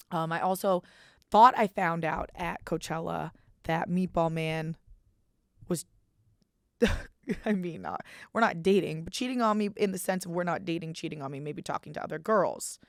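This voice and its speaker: A woman's voice: lowish voice, unhurried, dry recording, studio quality. A young woman in her twenties hosting a podcast, rambling in casual chat, self-deprecating and swearing freely. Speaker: podcast host.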